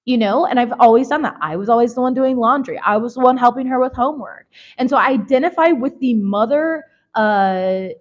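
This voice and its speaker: A woman's voice: fairly high pitch, fairly quick. A woman in her thirties giving a casual tarot reading, candid and emphatic, swearing freely and calling her viewers baby. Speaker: tarot reader.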